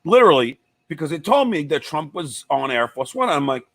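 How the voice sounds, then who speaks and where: An animated man spins a wild anecdote as an interview guest, emphatic and salty-mouthed. His voice sits a little higher than most men's. The sound is close and dry, with no room echo. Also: a little fast. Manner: animated, profane, emphatic storyteller. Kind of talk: casual storytelling interview. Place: club stage.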